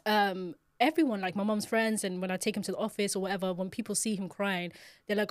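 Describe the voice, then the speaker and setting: A woman, a podcast co-host and mother, chatting casually in an animated, slangy way. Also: mid-range voice, fast talker, hardly any pauses, no room sound, studio quality. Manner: animated, slangy storytelling with mimicked shouts. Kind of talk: casual chat.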